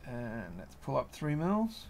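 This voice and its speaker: An Australian man chats casually on a livestream, rambling from one thought to the next as he works. His voice sits at an ordinary pitch with a gravelly, fry-laced edge. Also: wildly swooping pitch, takes it slowly, darkish tone, slight background noise. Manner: rambling, musing aloud. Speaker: livestream host. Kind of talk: casual livestream chat while crafting.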